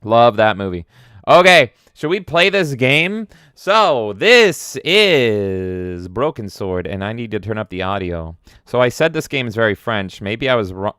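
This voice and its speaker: A man streaming from home, chatting casually as he reads out viewer comments, excitable and swearing, often jumping into loud silly voices. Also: on the low side, fairly quick, hardly any pauses, clear, resonant tone, no echo, clean studio sound.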